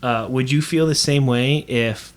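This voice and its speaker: A man's voice: medium pitch, measured pace. Teasing man in casual podcast banter. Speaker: podcast co-host. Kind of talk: casual chat.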